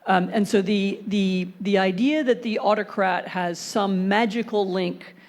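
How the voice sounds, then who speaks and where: Woman panelist, measured analytical talk, careful restarts. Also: medium pitch, steady tone, a little mellow. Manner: thoughtful, hesitant restarts, then fluent argument. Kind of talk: panel discussion.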